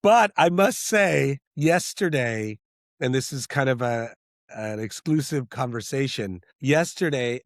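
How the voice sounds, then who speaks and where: A middle-aged man, a screenwriter and director, talking in an interview in an animated, rambling way with many restarts. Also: medium pitch, no room sound, clean studio sound. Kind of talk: interview conversation.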